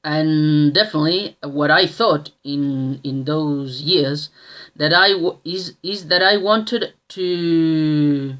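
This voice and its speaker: Slow, halting man in his thirties. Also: a little high, a bit bright. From Australia. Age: 30s. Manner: slow and halting, with many restarts and tag questions. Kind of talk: casual personal storytelling.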